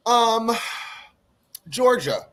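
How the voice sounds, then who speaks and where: A man's voice: extremely high pitch, big pitch swings, very slow, fairly bright tone. A man hosting a podcast panel, chatting casually and moving between topics. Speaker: podcast host.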